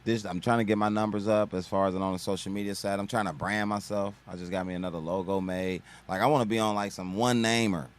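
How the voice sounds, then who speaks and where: A man's voice: on the low side, steady tone, fast, few pauses. A male comedian from Kentucky, chatting as a guest on a radio show in a slangy, laid-back way, often checking in with "you feel me.". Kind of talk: casual radio interview chat.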